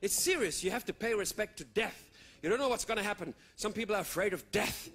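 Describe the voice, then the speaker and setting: A man performing a playful, animated stand-up comedy routine on stage before a live audience. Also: high voice, fast, a little hiss or hum.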